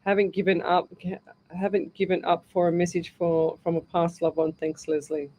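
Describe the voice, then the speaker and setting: A middle-aged woman with an Australian accent runs a live call-in radio show as a psychic medium. She talks in a chatty, rambling way, reading out listeners' names and musing aloud. Her voice sits a little low for a woman. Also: flat delivery, moderate pace, darkish tone, slight background noise. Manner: chatty, greets listeners by name, thinks aloud.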